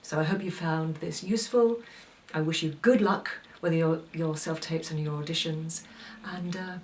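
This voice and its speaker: A woman's voice: low voice, steady tone, moderate pace, distant mic. A woman acting teacher giving an instructional talk to aspiring actors, coaching with strings of rhetorical questions.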